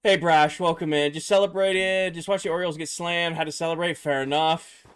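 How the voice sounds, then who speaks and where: A young adult male streamer, tired after his workday, chats easily on a casual livestream between viewer questions. His voice is smooth, on the high side and a little fast; he's relaxed, reads chat aloud and mutters to himself while building.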